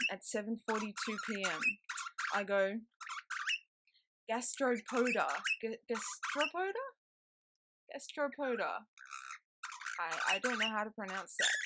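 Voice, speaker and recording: A young woman, chatting to camera in a rambling vlog, recorded indoors on a laptop webcam mic with a noisy pet bird nearby. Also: mid-range voice. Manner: rambling, chatty, with frequent ums and self-talk. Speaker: vlogger. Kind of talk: casual chat to camera. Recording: loud background noise from laptop webcam.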